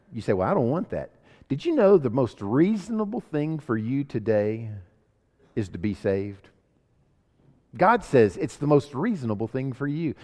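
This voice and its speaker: Man preaching a sermon, lively swooping pitch, rhetorical questions, long hall reverb. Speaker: pastor. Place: church sanctuary.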